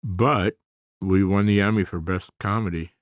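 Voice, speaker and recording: A man in his seventies with a very deep voice talks as a guest on a podcast, recorded dry and close. He rambles in an easygoing way, full of small pauses and fillers. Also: no echo. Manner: relaxed, rambling, many fillers. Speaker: guest, comedy actor. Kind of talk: conversational interview.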